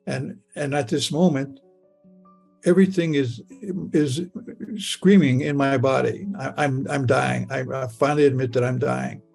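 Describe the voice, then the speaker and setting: An older man telling his own story in a halting, stammering way, with frequent restarts. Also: medium pitch, fairly even intonation, gravelly, darkish tone, faint music behind. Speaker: storyteller recounting a near-death experience. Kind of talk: personal storytelling.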